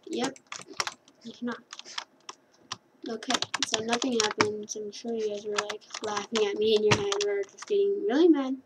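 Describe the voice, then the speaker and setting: A woman's voice: medium pitch, fairly even intonation, moderate pace, pauses often. A woman chatting casually as she plays a computer game, rambling and correcting herself as she goes. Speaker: gameplay commentator. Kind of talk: casual gameplay commentary. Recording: keyboard clicks and clear background noise.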